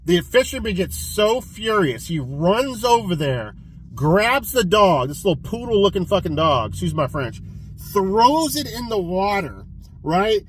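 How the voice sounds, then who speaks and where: A man casually reviewing a film he watched, retelling the plot in an excitable, profane way with many restarts. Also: sits high, unhurried, slight background noise, low-quality recording. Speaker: physical media collector reviewing films.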